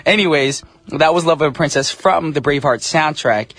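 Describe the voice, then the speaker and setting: A man's voice: on the high side, a little fast, fairly bright tone, no echo. A male radio DJ hosting a show from the studio in casual, upbeat, slightly goofy patter. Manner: upbeat, chatty, a little goofy. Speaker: radio DJ host.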